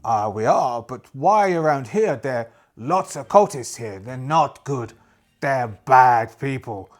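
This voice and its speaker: A wary male merchant, as a man puts him on, louder than the narration, speaking in short, broken phrases with a put-on drawl. The voice sits a little high for a man. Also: big pitch swings, slow pace, full character voice. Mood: warning. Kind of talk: solo tabletop role-play.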